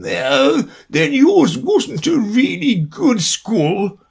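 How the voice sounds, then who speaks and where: A man voicing the Mock Turtle as a sobbing, melancholy old creature in a storybook reading, with a slow, high, tearful wail. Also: big pitch swings, creaky, husky, full character voice.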